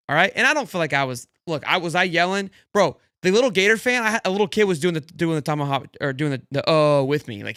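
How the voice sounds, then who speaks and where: A man with a big, loud voice, co-hosting a sports podcast and boasting about trash talk in casual banter. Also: on the high side, smooth, dry recording, studio quality.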